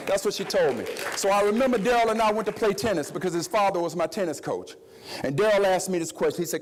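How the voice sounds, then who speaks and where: Guy giving a keynote like a sermon, kinda high voice, yells then drops real low and close. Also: animated, fast, a little hiss or hum. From Jackson, Mississippi, US. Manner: preacher-like, swings between shouting and low confiding tones. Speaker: keynote speaker. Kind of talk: impassioned keynote speech.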